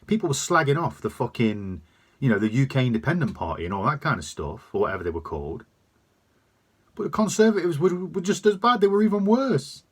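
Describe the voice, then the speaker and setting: A man holds forth in an emphatic, swear-laden rant. His husky voice rides a lively, swooping pitch, and his tone stays mid-range. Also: quick pace. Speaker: vlogger. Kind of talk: opinion rant.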